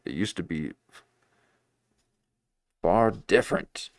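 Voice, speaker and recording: A man's voice: deep voice, lively intonation, takes it slowly, vocal fry, dry recording, clean studio sound. A man hosting a livestream, rambling in casual, self-mocking commentary. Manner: rambling, self-mocking, jumps into mock voices. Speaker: livestream host.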